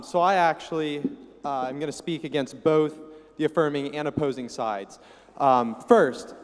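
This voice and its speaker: A man giving a debate floor speech, assertive and measured as he argues. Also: fairly high pitch. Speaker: student debate speaker. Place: university hall. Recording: long hall reverb.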